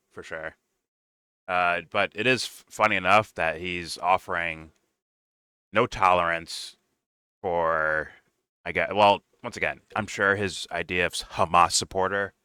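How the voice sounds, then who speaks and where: A man's voice: sits low, pushed and bright, clean tone, dry recording, studio quality. A man co-hosting a casual commentary chat, sarcastic and swearing, laughing often as he mocks people. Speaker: podcast co-host.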